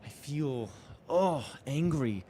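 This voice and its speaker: A man's voice: a little high, expressive, slow pace, dark tone, a little hiss or hum. A young man talking earnestly and reflectively while riding a bike outdoors in the rain, often repeating phrases to himself. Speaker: vlogger. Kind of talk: reflective spiritual vlog.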